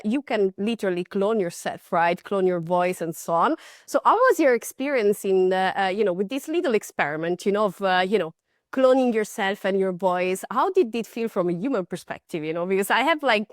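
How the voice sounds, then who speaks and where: A woman's voice: medium pitch, no room sound, clean studio sound. A woman hosting a podcast interview, asking questions in a chatty way full of fillers. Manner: chatty, many fillers like "you know". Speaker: podcast host. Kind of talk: conversational interview.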